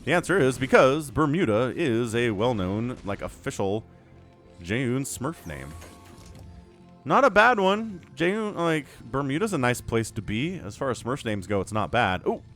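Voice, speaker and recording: Male esports caster, solo play-by-play, lively swooping pitch, rambling jokey asides, soft music underneath. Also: a little slow. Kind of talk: solo play-by-play game commentary.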